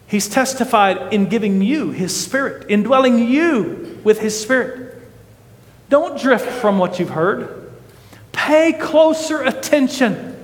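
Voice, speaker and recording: A man preaching an impassioned sermon, rising to shouts and dropping low. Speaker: pastor. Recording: echoey hall reverb.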